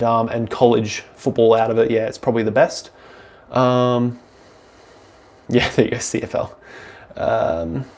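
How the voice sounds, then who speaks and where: A man's voice: medium pitch, darkish tone. Aussie guy chatting live with his viewers, rambly, lots of ums, mid-range voice. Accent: Australian. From Australia. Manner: rambling, loose, with frequent ums and restarts. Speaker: livestreamer answering viewer questions. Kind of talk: casual live Q&A chat.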